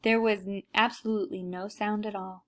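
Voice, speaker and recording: A woman's voice: medium pitch, steady tone, normal speed. A woman reading a children's book aloud, narrating plainly and unhurriedly with small slips.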